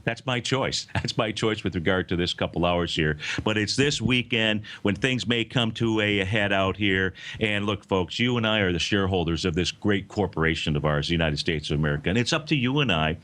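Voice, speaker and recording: A man's voice: deep voice, fairly quick, hardly any pauses, a bit bright. A man hosting a live financial talk show, speaking to listeners in a folksy, emphatic way.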